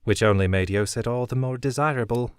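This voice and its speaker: A man's voice: medium pitch, a little fast, clean tone, dry recording, studio quality, natural voice. A man voicing a shrewd, wry young woman smuggler who talks in a chipper, blunt way.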